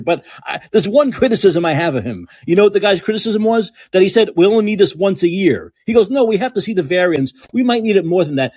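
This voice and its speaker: A man's voice: high-pitched, animated, fast, hardly any pauses, darkish tone, husky. A man hosting a podcast, ranting angrily and sarcastically with lots of swearing. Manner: angry, profane, sarcastic ranting. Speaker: podcast host. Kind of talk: ranting political commentary.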